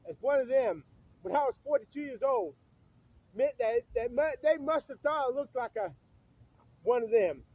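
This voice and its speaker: A man's voice: very high-pitched, phone-quality sound. A man in his fifties ranting angrily outdoors at night beside a church, swearing a lot, bitter and repetitive. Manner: profane, bitter, repeats himself. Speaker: vlogger. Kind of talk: angry rant to camera.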